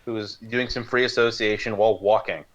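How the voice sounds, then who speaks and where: A man with a fairly low voice chats about a novel and tosses in wry jokes. His mic sounds dull and muffled, like a lo-fi home setup. He keeps the tone easygoing throughout. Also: fairly even intonation, a little fast, over a noisy crowd. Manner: wry, joking asides. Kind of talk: casual book discussion.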